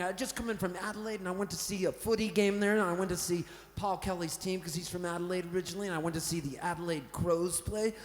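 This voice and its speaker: A singer-songwriter from Canada telling a rambling, playful, cheerfully profane story to a live audience on a festival stage. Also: male voice, sits high, fairly even intonation, fast, few pauses. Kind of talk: comic stage storytelling between songs. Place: festival big top tent, live on stage. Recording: roomy reverberant live tent sound.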